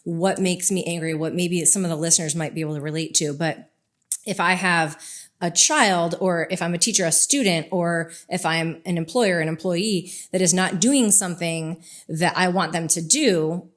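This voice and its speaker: A woman with a somewhat low voice chats on a podcast. She speaks candidly and draws on her own life, relaxed and conversational. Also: normal speed. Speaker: podcast co-host. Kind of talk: casual conversational podcast talk.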